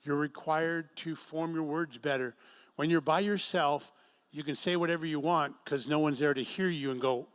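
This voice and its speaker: A middle-aged pastor preaches to a singles group in an event room, telling stories and acting out quotes. His voice is a little high, and he keeps a moderate pace.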